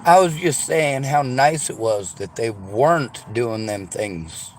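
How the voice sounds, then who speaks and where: A man's voice: medium pitch, animated, slow pace, a little hiss or hum. A man delivering a sarcastic, profanity-laced rant straight to his audience. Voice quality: sarcastic, combative. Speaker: vlogger. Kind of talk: angry profane rant to camera.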